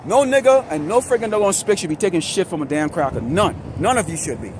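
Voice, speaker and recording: A high-pitched male voice delivers a heated, profane street sermon straight to the camera. He rants rather than speaks calmly. Steady traffic noise from the road around him is heard clearly in the outdoor recording. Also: fast. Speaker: street preacher.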